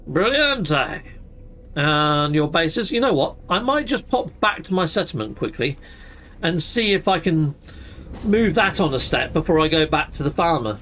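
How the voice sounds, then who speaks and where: Animated gaming host. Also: male voice, on the high side, measured pace. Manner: chatty, exclamatory, minced swearing. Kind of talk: casual gameplay commentary.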